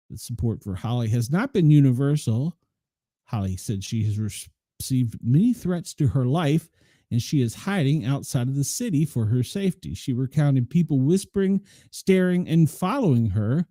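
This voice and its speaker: A man's voice: mid-range voice, animated, normal speed, dark tone, dry recording, studio quality. A man hosting a news show, reading stories aloud and breaking in with blunt, opinionated asides. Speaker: news commentary host.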